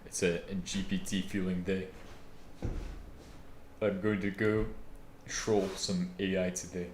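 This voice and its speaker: A young man with a fairly low voice chats loosely on a live stream, trailing off, swearing and joking to himself as he types. The room around him is echoey, with a faint hiss of noise underneath. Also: little pitch movement, measured pace, darkish tone. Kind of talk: casual live-stream chatter while working.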